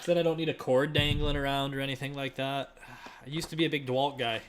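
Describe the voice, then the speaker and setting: A young man chatting casually on a live stream from his living room while listing items to resell, relaxed and often trailing off quietly. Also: mid-range voice, quick pace, noisy background.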